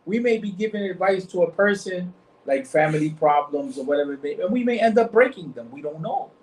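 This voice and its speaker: A man's voice: high-pitched, animated, a little fast. A man leading an informal religious discussion with a small group, rambling and repeating himself, often asking "you see what I'm saying?". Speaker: study circle leader. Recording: echoey room, mic far off, faint noise.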